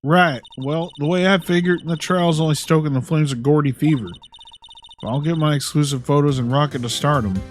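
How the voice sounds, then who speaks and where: A man's voice: on the high side, fairly quick, faint music behind, close to an everyday voice. A man voicing a brash young Southern woman photographer with a put-on drawl, folksy and fond of bargaining. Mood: wheeling-dealing. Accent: American Southern, put on.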